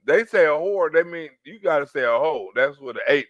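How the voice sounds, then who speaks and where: Man, reaction host, profane storyteller, bright tense voice, dry close sound. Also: a little high, lively intonation, fairly quick, no echo, dull audio. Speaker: commentary host. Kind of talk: reaction commentary.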